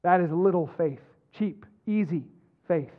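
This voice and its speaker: A middle-aged man preaching a sermon as pastor, earnest and halting, often restarting his words. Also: high voice. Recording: tinny phone-like sound.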